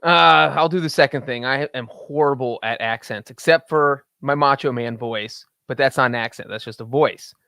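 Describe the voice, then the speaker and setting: A man's voice: mid-range voice, moderate pace, gravelly, hardly any pauses, pushed and bright, clear, resonant tone, no room sound, clean studio sound. A man co-hosting a casual football betting podcast, laying out his picks in confident, flowing arguments. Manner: confident, talks in full flowing points. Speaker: podcast co-host, NFL betting analyst. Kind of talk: casual sports betting chat.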